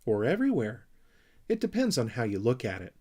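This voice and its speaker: A man voicing a calm, slightly sad young wanderer with a soft, unhurried manner. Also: medium pitch. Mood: gentle. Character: gentle wandering young male creature, calm and a little sad.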